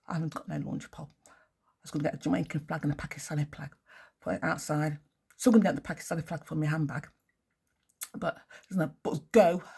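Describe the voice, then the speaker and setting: A woman's voice: low-pitched, darkish tone, husky. A woman ranting in a casual monologue, blunt and swearing heavily. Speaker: vlogger.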